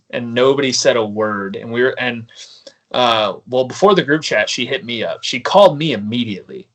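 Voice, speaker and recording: Laughing as he tells prank stories, a podcast guest chats casually and acts out the other people's lines himself. His medium-pitched voice is a bit bright, with lively intonation and a moderate pace.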